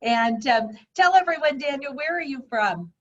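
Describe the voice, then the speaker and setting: A woman's voice: high-pitched, expressive, moderate pace, dull audio. A woman hosting a podcast interview, effusive and encouraging, praising her guests often. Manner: effusive, encouraging, lots of "I love it". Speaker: podcast host.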